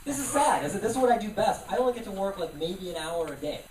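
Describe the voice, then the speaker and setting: Recorded from afar in a spacious live club, this high-pitched comedian talks quickly and riffs with energy off the crowd during his stand-up set. Loud audience laughter and background noise come through throughout.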